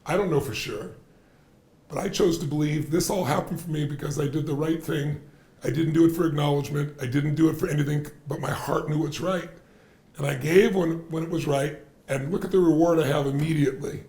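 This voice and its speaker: Guy telling a story as a podcast guest, gravelly voice, echoey room, hits his points hard. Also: on the high side, steady tone, a little fast, a little mellow. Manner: emphatic, repeats phrases for effect. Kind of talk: animated storytelling in conversation. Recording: roomy echo.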